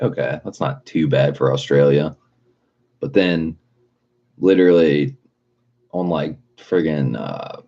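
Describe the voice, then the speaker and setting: A man's voice: a bass voice, darkish tone, breathy edge, dull audio. A man talking casually on a livestream, ranting in a rambling, profane way and reading out chat messages.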